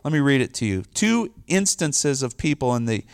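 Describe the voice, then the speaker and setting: A man's voice: medium pitch, very animated, moderate pace, no room sound, clean studio sound. A middle-aged man preaching a casual, conversational sermon, loose and informal with lots of "like" and "you know". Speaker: pastor.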